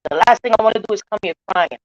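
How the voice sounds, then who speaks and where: A woman vlogger speaking to her channel in an earnest, defensive way, shifting from soft pleading to blunt defiance, sounding emotional and near tears. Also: mid-range voice, very fast, dry recording, dull audio. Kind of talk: emotional livestream apology.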